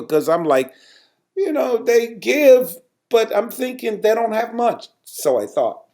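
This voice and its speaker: Speaking slowly in a very high-pitched voice, a middle-aged pastor from the United States shares an animated story from his ministry as sermon talk. He repeats his words, and his voice climbs sharply as he remembers how angry he was.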